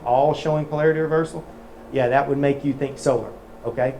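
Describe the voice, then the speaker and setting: A man's voice: medium pitch, steady tone, fast, a little mellow, slight background noise. A man teaching a technical webinar in a casual, folksy way with many fillers. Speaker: metering trainer. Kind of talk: webinar teaching and joke-telling.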